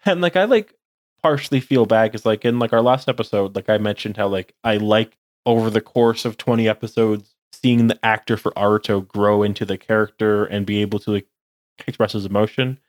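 A man's voice: on the low side, brisk, no echo, studio quality. A young man co-hosting a casual podcast chat, rambling with lots of "like". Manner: rambling, heavy use of "like". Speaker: podcast co-host.

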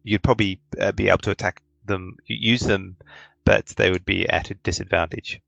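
Game master, male, low gravelly voice, halting narration full of fillers. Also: fairly even intonation, fairly bright tone, dry recording, lo-fi sound. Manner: hesitant, lots of ums and uhs.

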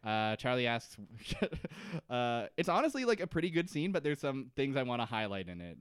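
Podcast co-host, male, animated and jokey, breaks into character lines, smooth voice, dry close mic. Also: mid-range voice, normal speed, dry recording. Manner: animated, laughs often, acts out characters' lines. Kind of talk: casual comedic recap chat.

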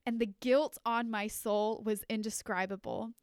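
A young adult woman co-hosting a podcast, telling a story in casual chat, animated and full of fillers, laughing as she goes. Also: fairly high pitch, measured pace, clear, resonant tone, no room sound, clean studio sound. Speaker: podcast co-host.

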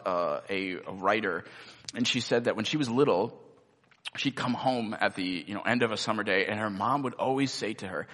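A man's voice: mid-range voice, fairly bright tone. Male pastor, easygoing sermon delivery, mid voice, reverberant hall sound. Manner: conversational, many rhetorical "right?" tags.

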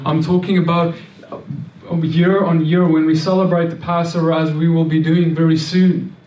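A man delivers a sermon in an earnest, repeating manner, often stumbling and restarting. His voice is mellow and sits a little high. He sounds set back from the microphone in an echoey room. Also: distant mic. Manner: earnest, repetitive, with many restarts and stammered words. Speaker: preacher.

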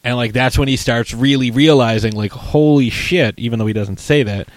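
A man in casual conversation, retelling film scenes in a loose, rambling way full of "like" and restarts. His voice is mid-pitched and sits close to the mic in a dry, dead room. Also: fairly quick, dry recording. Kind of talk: casual chat reviewing a film.

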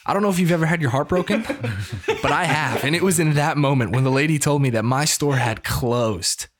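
A man in his thirties from the United States, telling a story casually in an animated, preacher-like way. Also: fairly high pitch, a little fast. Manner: animated, preacher-like call-and-response.

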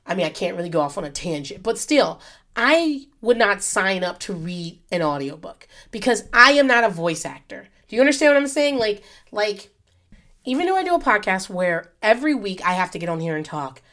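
A woman's voice: medium pitch, sing-song, brisk, a bit bright. Rambling, profane woman podcaster. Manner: rambling, profane, goes off on tangents. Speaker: podcast host. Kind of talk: casual solo podcast rant. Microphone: podcast microphone.

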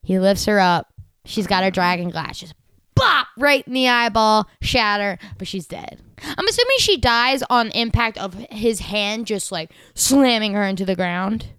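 Young female podcast co-host, bubbly and gushing, smooth voice, dry close sound. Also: medium pitch, expressive, unhurried, fairly bright tone, no room sound. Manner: bubbly, gushing, heavy use of "like". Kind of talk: casual chat.

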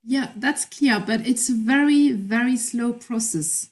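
Halting middle-aged woman recounting her illness. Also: fairly high pitch. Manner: halting, searching for words. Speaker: interview guest. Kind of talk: personal account in conversation.

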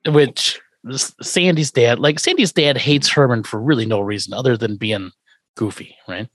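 A man casually recapping an old sitcom episode with co-hosts, acting out characters' lines in quick put-on voices and laughing often. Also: mid-range voice, a bit bright, no echo, studio quality. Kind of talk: casual chat.

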